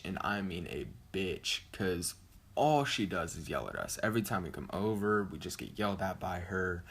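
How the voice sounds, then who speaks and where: A man's voice: deep voice, husky. A young man telling a story casually on his vlog, rambling and correcting himself, with lots of "like" and "you know". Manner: rambling, self-correcting, heavy use of "like". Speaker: vlogger.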